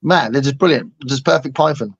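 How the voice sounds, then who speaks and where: A man's voice: medium pitch, brisk, breathy edge. Enthusiastic man host on dull recording. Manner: enthusiastic, frequent fillers. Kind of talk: casual chat. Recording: dull lo-fi sound.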